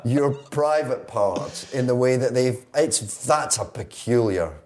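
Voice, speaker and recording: A man's voice: mid-range voice, expressive, slow pace, darkish tone. A man from Scotland, a guest in a library interview, amused and wry with hesitant restarts. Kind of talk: casual chat interview.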